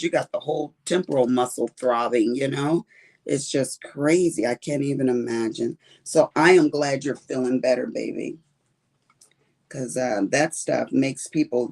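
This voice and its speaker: Middle-aged Texan woman, warm and chatty, a livestream host who rambles and says honey a lot. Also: a bass voice. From Texas. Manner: chatty, rambling, calls viewers honey and baby. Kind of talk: casual chat with viewers while diamond painting.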